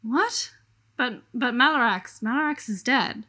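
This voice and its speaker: Formal, measured woman playing her character. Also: on the high side, animated, sharp tone. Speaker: player. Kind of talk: in-character tabletop role-play.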